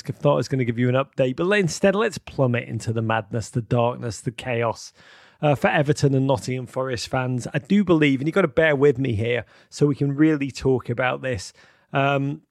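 A man hosting a live-streamed football chat, excitable and theatrical, swinging from outbursts to mock gloom with many ums. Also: on the high side, no room sound, studio quality. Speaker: host.

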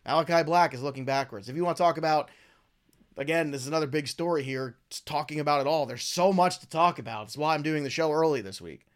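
Opinionated man ranting as a show host. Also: fast talker. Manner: opinionated, rambling, animated swings in pitch and volume. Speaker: podcast host. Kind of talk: casual wrestling commentary.

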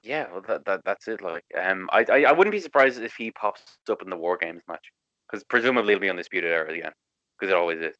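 A man co-hosting a casual wrestling podcast, talking fast and swearing freely. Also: sits low, lively intonation, fairly bright tone, highs cut off. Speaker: podcast co-host.

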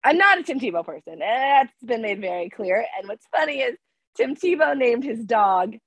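A young woman co-hosting a podcast in casual chat, telling stories excitedly with a slightly hoarse voice that keeps cracking because she is sick. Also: a little high, moderate pace, dry recording, poor audio. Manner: excitable storyteller, gushing and animated. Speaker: podcast co-host.

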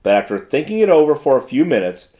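Man, audiobook narrator, first-person storytelling, formal prose, animated pitch. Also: quick pace. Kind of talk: scripted narration.

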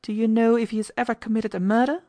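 Picture a fearless young American woman cross-examining a suspect in an old storybook, her questions cool and relentless, as a woman reader puts her on. She sits slightly higher than a plain reading voice and carries a firm, commanding edge. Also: steady tone, quick pace, mellow, lightly acted. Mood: pressing. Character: bold, determined young American woman interrogator.

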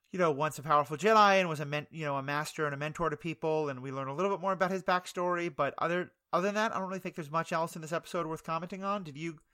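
Higher-voiced man hosting a chatty podcast. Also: bright, forceful tone, smooth, no room sound. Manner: hesitant, many ums, recaps plot. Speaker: podcast host. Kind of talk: casual chat.

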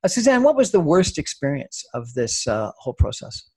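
A man hosting a radio talk show who asks questions haltingly, with many fillers and restarts. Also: a little high, wildly swooping pitch, a little mellow, breathy edge. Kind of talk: radio interview.

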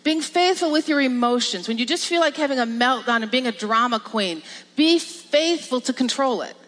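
A woman pastor giving a lively, emphatic sermon with repetition and laughs. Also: high-pitched, normal speed. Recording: long reverb of a large hall.

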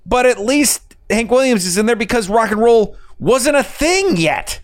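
A man's voice: very high voice, very animated, moderate pace, no room sound, clean studio sound. A man hosting a podcast, chatting casually, rambling and swearing and laughing at his own stories. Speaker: podcast host. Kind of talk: casual chat.

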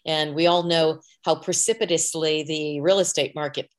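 Woman, podcast co-host, lowish voice, chatty, laughs a lot. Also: fairly even intonation, moderate pace. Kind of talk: casual chat.

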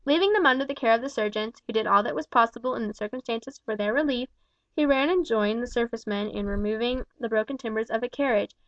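A woman reads a novel aloud in a steady, measured manner. Her voice sits somewhat high. The recording is dry and a little dull. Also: no echo. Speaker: audiobook reader. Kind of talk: scripted narration.

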